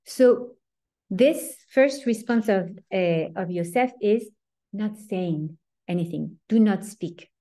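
A woman's voice: medium pitch, takes it slowly, warm tone. A woman giving a Torah lesson, earnest and emphatic, often restarting her sentences. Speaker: Torah teacher.

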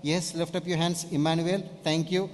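Male pastor, emphatic preacher, slightly high voice, long church-hall reverb. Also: level tone, normal speed. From India. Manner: emphatic, asks congregation questions. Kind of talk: sermon.

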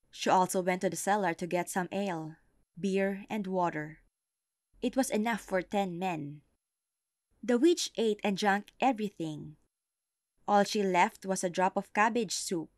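A woman reading a folktale aloud as an audiobook narrator, slow and deliberate. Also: fairly low pitch, dry recording, clean studio sound. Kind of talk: storybook narration.

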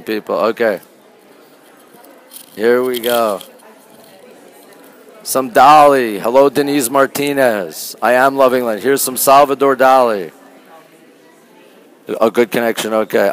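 A man from Canada chatting casually to viewers of a live stream while walking through an art museum, greeting them by name and often talking quietly into a handheld phone. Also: medium pitch, fairly even intonation, normal speed, long pauses, low-quality recording. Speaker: livestreamer touring a museum. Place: indoor art museum gallery. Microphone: phone held while walking.

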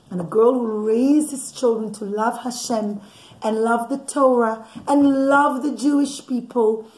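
A mother telling a bedtime story to her child at home, animated, with laughing asides and a teaching tone. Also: on the high side. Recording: echoey room.

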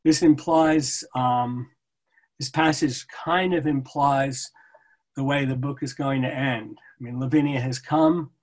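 A man, a translator, reading poetry aloud and talking about his translation in a measured, halting way. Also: mid-range voice, fairly even intonation. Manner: measured, halting, self-correcting. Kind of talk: poetry reading and book talk.

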